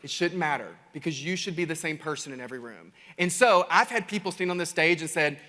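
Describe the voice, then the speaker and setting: A man with a Kentucky Southern accent giving an animated keynote talk, telling stories to a crowd and calling them y'all. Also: a little high, fairly quick. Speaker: keynote speaker. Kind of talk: energetic keynote storytelling. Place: large conference stage. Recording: reverberant conference hall.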